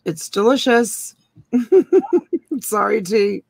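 A woman chatting earnestly on a live stream, talking in a slow, unhurried way. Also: medium pitch, gravelly, dry recording. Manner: slow, earnest, talks with her mouth full. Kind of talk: casual live-stream chat.

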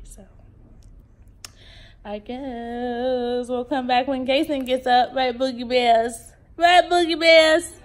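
A woman's voice: a little high, gravelly. A woman chatting casually to the camera as a mom vlogger at home in her kitchen, cooing in baby talk at her twins. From Texas. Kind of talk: casual home vlog chat.

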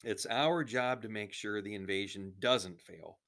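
Stern male resistance leader, read by a man, quiet, measured, deep, storybook. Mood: firm.

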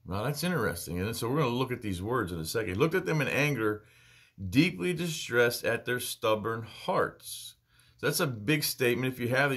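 A man's voice: fairly low pitch, a bit bright. A man leading a casual Bible study who talks earnestly and plainly and repeats words for emphasis.

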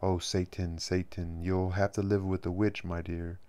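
A man's voice: sits low, level tone, moderate pace, warm tone, natural voice. A man reading the lines of a passionate woman who has become a witch, fervent and impulsive, in an audiobook. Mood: elated.

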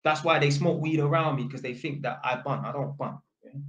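A young British man with a London accent tells a casual vlog story about his work, using street slang and constant tag questions. His voice is fairly high and brisk, and the recording sounds roomy and slightly dull.

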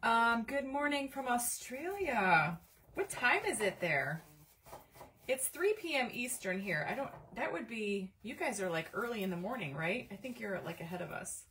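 A woman's voice: mid-range voice, big pitch swings, normal speed, a bit bright, distant mic, a little hiss or hum. A woman hosting a casual craft live stream from her home craft room, chatting with viewers and reading their comments aloud while she works, with lots of fillers. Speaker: livestream craft host.

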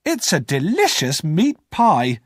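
A man reading a story aloud and voicing a sharp-tongued, bossy woman in a shrieking, commanding tone. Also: on the high side, huge pitch swings, takes it slowly, dry recording, studio quality, pitched above the performer's own voice, full character voice.

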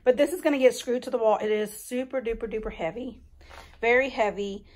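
A woman's voice: fairly high pitch, fairly quick, a little mellow. A young woman, chatting casually to camera at home about her makeover plans. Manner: chatty and folksy, addresses viewers as y'all.

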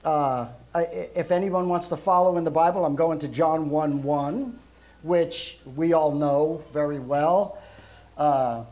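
Loud, chatty middle-aged preacher man. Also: a little high, fairly even intonation, unhurried. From Brooklyn, New York, raised in Europe. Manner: loud, rambling, many ums and uhs. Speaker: guest preacher. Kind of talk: casual sermon.

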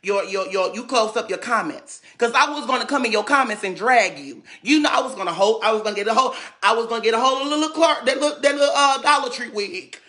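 A man's voice: extremely high pitch, fast, hardly any pauses, pushed and bright. A man from St. Louis ranting dramatically on a livestream, sassy and repetitive, often stumbling over his words. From St. Louis, USA. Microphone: phone.

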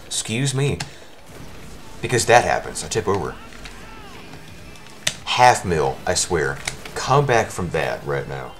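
A man giving live commentary over his own speedrun, his voice worn from shouting, talking at the game in exasperated outbursts. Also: deep voice, sing-song, a little slow, pauses often, a little hiss or hum.

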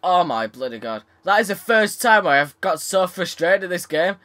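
A man's voice: sits high, very animated, moderate pace, fairly bright tone. A young man commentating his tennis game, frustrated, swearing and sarcastic. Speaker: gaming YouTuber. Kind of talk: let's play commentary.

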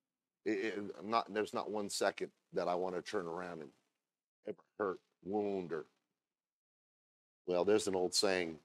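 A man preaching a sermon as pastor, talking conversationally with asides to the congregation and reading scripture slowly and deliberately. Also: deep voice, no room sound.

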